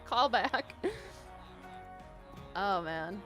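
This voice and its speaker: A woman's voice: mid-range voice, expressive, measured pace. A woman hosting a casual live stream, chatting and reading viewer messages aloud in a bubbly, rambling way, laughing often. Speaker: live-stream gaming host. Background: faint background music.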